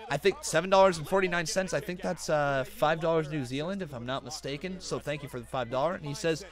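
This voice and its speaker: Excitable man streaming wrestling reactions. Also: on the high side, fast, few pauses. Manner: chatty, excitable, reads donations aloud. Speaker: live stream host. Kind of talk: live wrestling reaction commentary.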